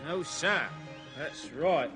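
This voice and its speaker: A man's voice: on the high side, slow. An actor playing a jolly male explorer narrating his animal film, chatty and marvelling as he talks to the lizards. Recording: music playing under old TV film.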